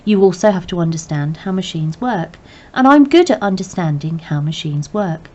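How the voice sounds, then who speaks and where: A woman reading a novel aloud in plain, measured first-person narration. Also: on the low side, lively intonation, mellow. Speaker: reader. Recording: dull lo-fi recording.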